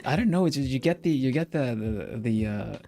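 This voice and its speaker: A man's voice: medium pitch, expressive, dark tone, soft background music. A man hosting a stream, chatting casually and hesitantly, with lots of restarts and fillers. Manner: halting, many restarts and fillers. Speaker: streamer host.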